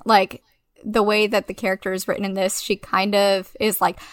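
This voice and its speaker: A woman's voice: mid-range voice, flat delivery, moderate pace, no echo, clean studio sound. A woman co-hosting a podcast, chatting casually and animatedly, swearing and laughing often. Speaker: podcast co-host. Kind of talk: casual chat.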